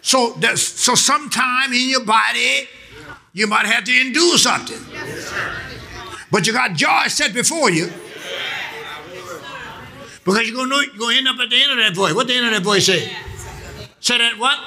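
A male pastor preaching a sermon in call-and-response style. He repeats phrases for emphasis and builds up to shouts. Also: extremely high pitch, normal speed, vocal fry, long pauses.

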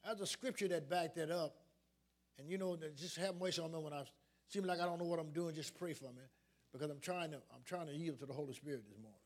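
A man's voice: fairly high pitch, fast talker. A man preaching a sermon as pastor, calling out questions to his congregation and building up to emphatic points. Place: church sanctuary.

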